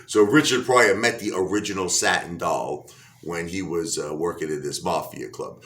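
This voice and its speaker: A man vlogging, casually telling a story with animated asides and frequent laughter. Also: sits low, moderate pace. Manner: animated, laughing often, self-correcting asides.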